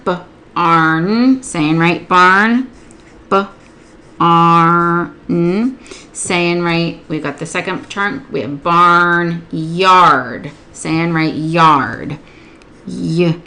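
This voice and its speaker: A woman with a rather low voice that still sounds bright and crisp walks through a spelling lesson. She explains each step patiently and stretches words out slowly to sound them into syllables. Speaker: literacy tutor. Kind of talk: instructional demonstration.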